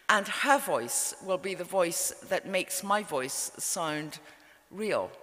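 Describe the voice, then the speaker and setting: English woman author, wry storyteller, animated and bright, echoing live venue. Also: on the low side. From England. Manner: wry and understated. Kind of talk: storytelling talk to a live audience. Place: event hall.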